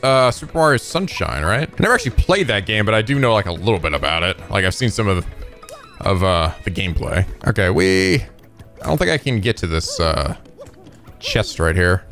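Creaky-voiced sarcastic male let's player. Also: deep voice, very animated, normal speed, a bit bright, faint music behind. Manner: sarcastic, profane, rambling. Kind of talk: casual gameplay commentary.

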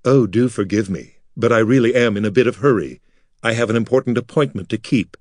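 A man voicing a cruel, scheming male noble who mocks his enemies in a smooth, theatrical manner. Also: medium pitch, big pitch swings, normal speed, no room sound, studio quality. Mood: mocking menace.

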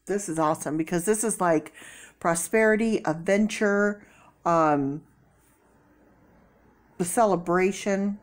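A woman giving a casual tarot reading, chatty with many fillers and sudden excited bursts. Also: lowish voice, slow pace, long pauses. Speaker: tarot reader.

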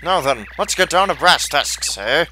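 A man's voice: on the high side, lively intonation, measured pace, bright, forceful tone, a little hiss or hum, exaggerated voice, poor audio. A man voicing a pompous male archaeologist explorer in a put-on posh British accent, plummy and theatrical.

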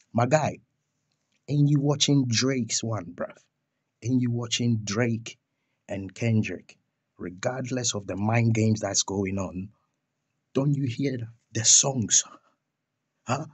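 A man's voice: lowish voice, breathy edge, no echo. A young man ranting in a vlog about a music feud, scornful and firing off rhetorical questions and insults. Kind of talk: heated rant vlog.

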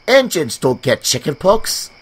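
A man voicing a cross, sensible female engine who talks in a stern, scolding way, over loud background music. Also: a little high, very animated, measured pace, breathy edge, pitched above the performer's own voice, exaggerated voice.

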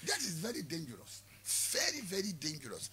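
A Ghanaian prophet being interviewed on the radio, a man with a Ghanaian accent who talks forcefully and repeats words to press his point. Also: fairly high pitch, huge pitch swings, fairly quick. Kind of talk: radio interview in Twi mixed with English.

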